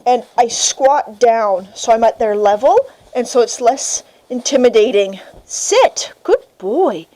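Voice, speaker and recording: A young woman dog breeder talking casually while filming on a handheld camera in her kitchen, calmly explaining each step and switching to a high sing-song voice for the puppy. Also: unhurried, rough recording. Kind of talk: casual instructional vlog. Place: home kitchen, indoors. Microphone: handheld camera mic.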